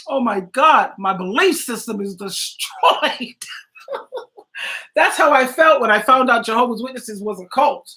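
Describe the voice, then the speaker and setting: A woman's voice: a little high, expressive, slow pace, pauses often, bright, forceful tone. A woman hosting a live stream, reacting to a video and reading viewer comments, chatty and laughing often. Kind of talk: casual live-stream chat.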